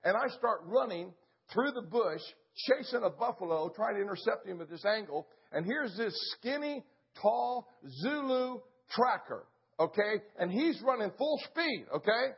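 Husky high-voiced older pastor telling a story. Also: male voice, moderate pace, highs cut off. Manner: animated storyteller with sound effects. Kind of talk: storytelling sermon.

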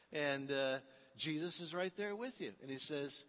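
A man preaching a sermon in a relaxed, storytelling way, with frequent fillers. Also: a little high, moderate pace. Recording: reverberant, dull lo-fi.

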